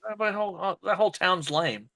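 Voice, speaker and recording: Blunt, deadpan podcast co-host. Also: male voice, high-pitched, a little fast. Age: adult, married. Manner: deadpan, blunt, trails off mid-sentence. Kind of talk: casual podcast banter.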